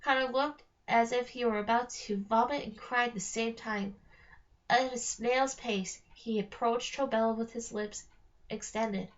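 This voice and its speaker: A woman reading a novel aloud in a steady storytelling manner, slowing on key phrases. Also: on the high side. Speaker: reader. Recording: dull lo-fi recording.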